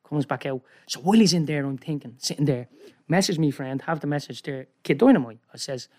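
An Irish man, a guest, tells a long story in a loose, rambling way and keeps checking in with "right?" His voice sits a little higher than most men's, and his delivery stays lively and casual. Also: brisk. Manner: rambling, animated, frequent "right?".

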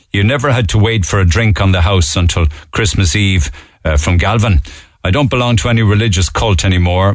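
Easygoing Cork radio host, low dry voice. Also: male voice, no echo. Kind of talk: radio phone-in and reading listener emails.

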